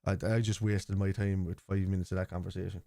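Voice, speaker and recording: A man's voice: sits low, flat delivery, quick pace, warm tone, dry recording, studio quality. An Irish man hosting a live football watchalong stream, arguing at length with viewers in the chat in a rambling, lecturing way. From Ireland. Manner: argumentative, rambling lecture with many restarts.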